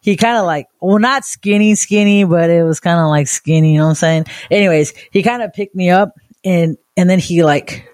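A woman from Southern California, co-hosting a podcast and telling a wild story in a casual, profane, animated way. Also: lowish voice, normal speed. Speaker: podcast co-host.

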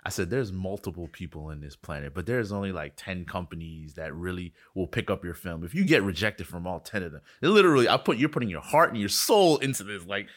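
A man from South Florida, a filmmaker guest telling excitable stories and acting out quotes in an interview. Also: low-pitched. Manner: fast, excitable storyteller, acts out quotes. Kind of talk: animated interview talk.

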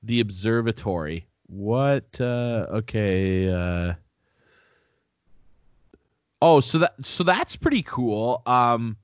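A man's voice: on the low side, lively intonation, takes it slowly, long pauses, clean tone, no room sound. A young man co-hosting a casual podcast, rambling, swearing freely and poking fun at himself. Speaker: podcast co-host.

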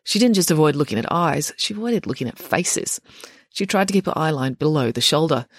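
An audiobook narrator, reading a story in an expressive, wry way. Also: medium pitch, breathy edge, no room sound, studio quality.

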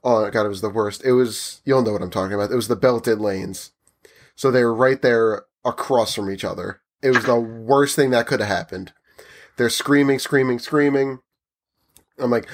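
Animated man telling a story. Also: medium pitch, normal speed. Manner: animated, acts out the people in his story. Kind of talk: casual storytelling chat.

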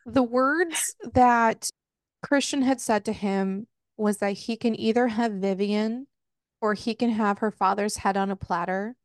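A woman's voice: mid-range voice, measured pace, no echo, clean studio sound. A woman co-hosting a podcast, chatting casually and animatedly retelling scenes by acting out the dialogue. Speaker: podcast co-host. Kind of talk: casual book discussion.

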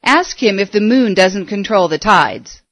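A woman's voice: medium pitch, animated, a little slow, no room sound. A woman voicing a persistent middle-aged woman astrologer who keeps coaxing and insisting. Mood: insistent.

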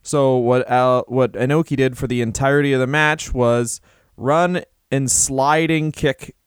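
A man's voice: mid-range voice, steady tone, unhurried, smooth, no echo, clean studio sound. Crude rambling male podcast storyteller. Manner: crude, rambling storytelling with silly put-on voices. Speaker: podcast co-host. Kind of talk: improvised comedy chat.

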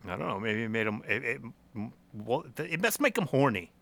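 A man's voice: mid-range voice, very animated, brisk, vocal fry, a bit bright. A young man co-hosting a podcast in casual chat, joking, laughing often and stumbling over repeated words. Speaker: podcast co-host.

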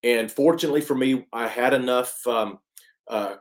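A man tells his story to an interviewer with real energy, leaning hard on key words and restarting his sentences. His voice sits at an ordinary middle pitch for a man. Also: normal speed. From East Texas. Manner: animated, emphatic storyteller with many restarts. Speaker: interview guest, country singer. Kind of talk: casual storytelling.

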